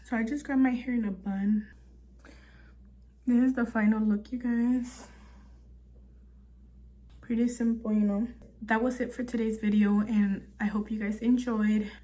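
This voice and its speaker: A woman's voice: on the high side, fairly even intonation, measured pace, long pauses, mellow. A young woman vlogging, telling a story while doing her makeup, chatty and full of fillers, swearing casually.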